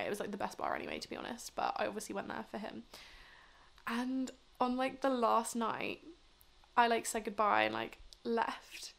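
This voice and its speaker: Creaky-voiced young woman vlogging. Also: medium pitch, a bit bright. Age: 20s. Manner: rambling, lots of fillers. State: drunk and tired late at night. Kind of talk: casual chatty storytelling.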